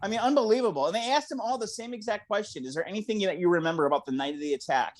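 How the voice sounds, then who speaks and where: A man's voice: high voice, rapid-fire. A man performing a stand-up comedy set over a video call, acting out the voices of other people. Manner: animated, acts out voices of others.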